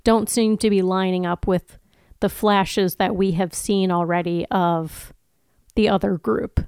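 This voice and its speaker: A woman's voice: medium pitch, fairly even intonation, unhurried, a little mellow, smooth, dry recording, clean studio sound. A woman co-hosting a podcast in casual chat, wry and teasing, questioning how the plot fits together. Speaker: podcast co-host.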